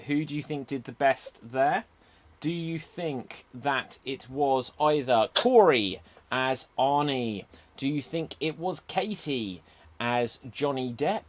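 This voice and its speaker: A man hosting an online improv comedy show, upbeat, calling on judges and reading votes. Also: medium pitch. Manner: upbeat, addresses audience and judges.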